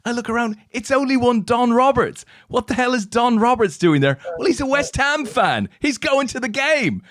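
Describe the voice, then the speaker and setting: Animated, dry-sounding male storyteller. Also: very high-pitched, moderate pace, no echo. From England. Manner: animated anecdote-teller, tags lines with "right?". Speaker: co-host. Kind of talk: casual storytelling chat.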